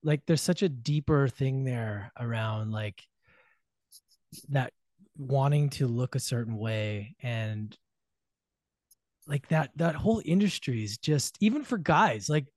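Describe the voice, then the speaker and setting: A man hosting a podcast, reflecting slowly on what his guest said. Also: medium pitch, expressive, darkish tone, dry recording. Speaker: podcast host. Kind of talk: interview conversation.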